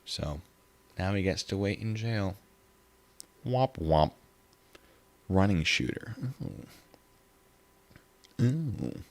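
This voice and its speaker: A young man with a slightly low voice hosts a casual livestream. He rambles loosely from one thought to the next and reads viewer comments aloud as he goes. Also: animated, slow, vocal fry, pauses often. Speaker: livestream host.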